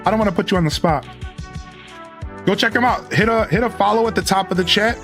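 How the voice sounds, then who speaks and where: A man's voice: high-pitched, quick pace, a bit bright, faint music behind. A man hosting a live game stream, chatting casually and thanking viewers as he goes.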